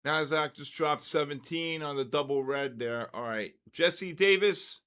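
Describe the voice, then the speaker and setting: A man hosting a trading live stream, calling out giveaway winners in a drawn-out, repetitive way. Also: a little high, bright, forceful tone, clean tone.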